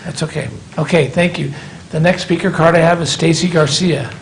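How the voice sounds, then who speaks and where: A man runs a county board meeting, talking to speakers in an easygoing, conversational way. His voice has a gravelly edge, with faint background hum. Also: fairly high pitch, steady tone, normal speed, low-quality recording. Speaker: board chair. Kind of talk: chairing a public meeting. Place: council chamber.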